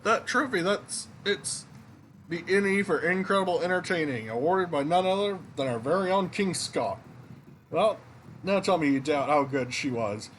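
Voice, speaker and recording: A man's voice: high voice, animated, moderate pace, slight background noise, voice pushed up, rough recording. A man playing a breezy, brassy innkeeper woman. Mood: teasing. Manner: breezy, teasing, calls people honey.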